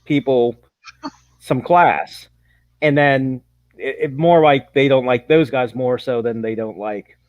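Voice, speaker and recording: A man with a middling voice chats casually, explaining things in loose, halting asides. His voice is dry and close, with a dull, lo-fi sound. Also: medium pitch, no echo. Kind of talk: casual chat about movies and history.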